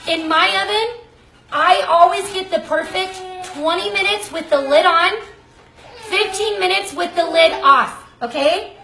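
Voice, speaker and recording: A woman with a very high, gravelly, pushed and bright voice hosts a live cooking demonstration from her home kitchen, speaking unhurriedly but chatty and effusive, often breaking off mid-sentence. The kitchen sounds echoey, with a slight hiss or hum and a baby crying in the background.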